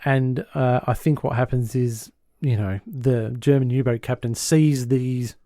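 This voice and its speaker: Podcast host, man, mellow and warm tone, dry close mic, animated storyteller who chuckles. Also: mid-range voice, measured pace, no echo. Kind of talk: casual podcast chat retelling a sitcom episode.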